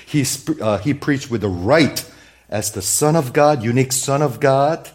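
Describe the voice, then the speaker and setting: A man preaching a sermon in a church, talking straight to the congregation and swinging from loud emphasis to hushed, near-whispered asides. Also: mid-range voice, unhurried. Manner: conversational, speaks straight to the congregation with questions. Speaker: pastor.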